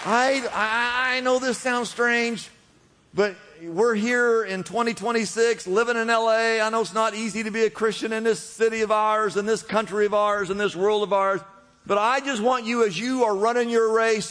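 A man's voice: high voice, normal speed, fairly bright tone, a faint crowd. A man preaching a sermon in a church, urging his listeners on with repeated phrases. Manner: preaching with rising urgency and repetition. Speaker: pastor. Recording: long hall reverb.

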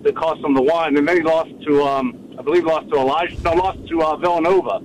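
A man's voice: on the high side, fairly even intonation, fast talker, slight background noise, poor audio. A man calling into a sports radio show, wisecracking with many hesitant fillers. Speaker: caller. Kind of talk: call-in phone chat.

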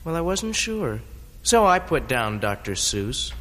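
A man's voice: fairly high pitch, big pitch swings, measured pace, a bit bright. A man playing Linus, an earnest, literal-minded young boy, answering in a matter-of-fact way. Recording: distant, reverberant stage recording.

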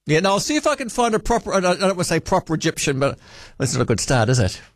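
Higher-voiced New radio host. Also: male voice, big pitch swings, very fast, no room sound, clean studio sound. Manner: chatty, musing aloud. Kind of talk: casual talk radio.

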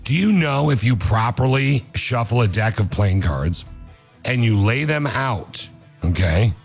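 A man's voice: mid-range voice, expressive, a little slow, faint music behind. A man hosting a casual chat, joking around and rattling off rambling fun facts. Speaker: host.

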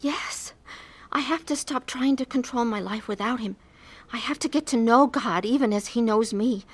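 A woman's voice: fairly high pitch, moderate pace, lightly acted. A woman telling an earnest life story. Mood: tearful. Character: troubled adult woman in emotional pain. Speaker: narrator and main character. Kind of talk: dramatized testimony with first-person narration.

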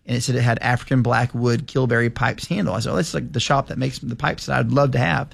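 A man's voice: mid-range voice, fairly even intonation, fast, vocal fry. A man in his forties, a legislator telling folksy, rambling stories as a guest in a casual radio interview. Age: 40s.

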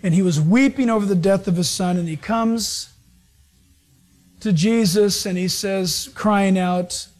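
A man preaching a sermon as pastor, moving between loud, acted-out lines and hushed, serious passages. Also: high-pitched, unhurried.

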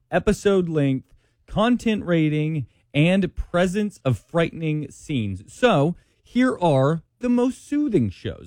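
A man, a father, co-hosting a radio segment, reading a ranked list with playful quick asides. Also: a little high, a little mellow, no room sound, studio quality. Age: adult with children. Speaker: radio show producer and co-host. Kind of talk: casual chat, reading a list.

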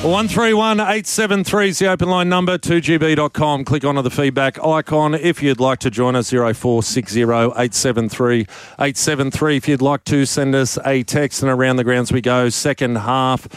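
A man hosting live sports radio, upbeat and brisk. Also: mid-range voice, fairly even intonation, clean tone, dry recording.

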